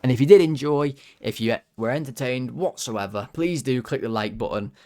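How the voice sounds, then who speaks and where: A young man hosting a football fan channel, ranting through player ratings, swearing, his voice jumping high when worked up. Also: moderate pace, darkish tone. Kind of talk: player ratings rant to camera.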